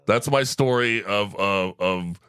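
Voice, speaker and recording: A man's voice: lowish voice, takes it slowly, clear, resonant tone, no room sound, clean studio sound. A middle-aged man hosting a sports podcast, telling a story in casual chat and tagging his lines with "right?". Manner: animated storyteller, tag questions like right?. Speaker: podcast host.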